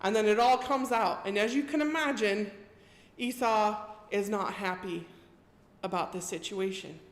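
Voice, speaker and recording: A woman's voice: mid-range voice, unhurried. Woman preaching in an echoey church. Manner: retells scripture in a chatty storytelling way. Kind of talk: casual sermon. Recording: echoey church hall reverb.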